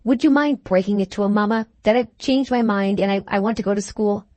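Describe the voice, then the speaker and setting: A shy young daughter speaks gently, her words faltering as tears rise. A woman reads her in an audiobook, the sound dry and close. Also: mid-range voice, a little fast, dry recording, close to an everyday voice. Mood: tearful. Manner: faltering, soft-spoken. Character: tearful gentle teenage girl, timid daughter.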